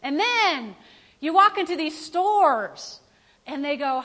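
Woman pastor, high bright voice, animated sermon delivery, long hall reverb. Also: takes it slowly. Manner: animated, playful, talks directly to the congregation.

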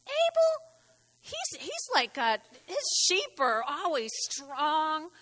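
A woman's voice: high voice, wildly swooping pitch, slow, a bit bright, voice pushed up, exaggerated voice. A woman voicing a jealous young male farmer who complains in a whiny, stammering way about his brother. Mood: envious.

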